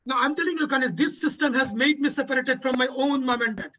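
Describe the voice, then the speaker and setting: A man's voice: very high-pitched, fast talker, pushed and bright. A man hosting a community panel, giving an emotional speech and repeating lines for emphasis. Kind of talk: impassioned advocacy speech. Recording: dull lo-fi audio.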